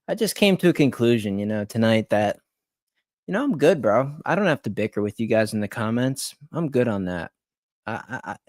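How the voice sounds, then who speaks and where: A man's voice: lowish voice, a little mellow, dry recording, clean studio sound. A young man ranting on a late-night live stream about sports betting, swearing and repeating himself as he vents. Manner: agitated, swearing, repeats words.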